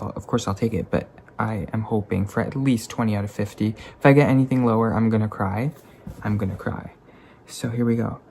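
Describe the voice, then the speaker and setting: A young man from Canada, a student talking casually to the camera in a rambling, self-deprecating way that turns easily excited. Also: mid-range voice, vocal fry, slight background noise. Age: young adult. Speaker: student vlogger. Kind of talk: casual vlog talk to camera.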